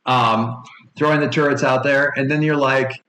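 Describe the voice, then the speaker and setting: A man in his forties running a tabletop game for his kids, rambling and playful, slipping into quick character voices. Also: mid-range voice, fairly even intonation, sharp tone. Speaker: game master. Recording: echoey home room with faint noise.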